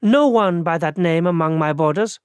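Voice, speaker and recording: A man's voice: a little high, moderate pace, smooth, dry recording, clean studio sound, lightly acted. A man voicing a fretful half-goblin landlady, Barajese accent. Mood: wary. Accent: strong Barajese. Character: middle-aged half-goblin landlady, wary. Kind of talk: audiobook character voice.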